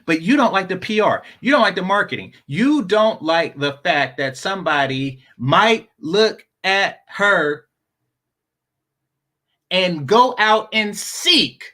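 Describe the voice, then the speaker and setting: High, lively man ranting bluntly. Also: slow pace. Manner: blunt, rambling with frequent repeated words. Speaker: show host. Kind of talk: casual live-stream commentary.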